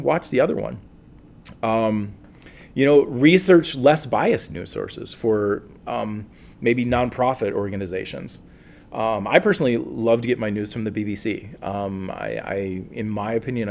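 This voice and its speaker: A man, a counselor, answering interview questions in a calm, earnest and reflective way, with many fillers and restarts. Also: on the low side, moderate pace, creaky, a little hiss or hum. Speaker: guest, counselor.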